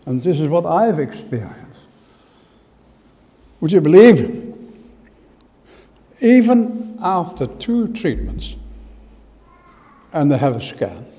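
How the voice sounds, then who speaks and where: An Australian man preaching in a church, his voice mellow and unhurried. He leans hard on key words and then falls to a near whisper. A long hall reverb trails each phrase. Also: fairly high pitch, very animated. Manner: emphatic, swings from loud stress to hushed asides. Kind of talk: sermon with personal testimony.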